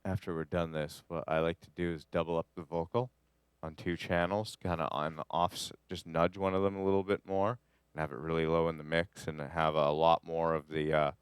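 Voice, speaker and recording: A man from Canada teaches a live studio class on music production, with a very low voice. He rambles and cracks jokes while he edits, and the sound is dry and close. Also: smooth, no room sound. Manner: rambling, jokey, talks to the audio as he edits.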